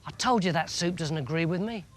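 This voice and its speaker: A man voicing a grumbling young shepherd boy who mutters quietly and sulkily, over music. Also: a little high, a little fast, natural voice. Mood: sulky.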